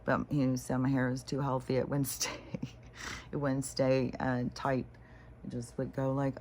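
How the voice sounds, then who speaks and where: A woman's voice: very deep voice, completely flat delivery, a little slow, darkish tone, slight background noise. A woman talking casually in a meandering monologue, full of fillers and quoted asides, laughing often. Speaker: vlogger.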